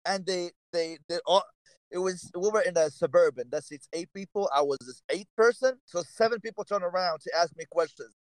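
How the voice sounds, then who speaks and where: A man's voice: high voice, a little fast, no echo. A man from Morocco, chatting casually and acting out voices as he tells stories. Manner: animated storyteller, acts out voices in anecdotes. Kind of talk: casual chat.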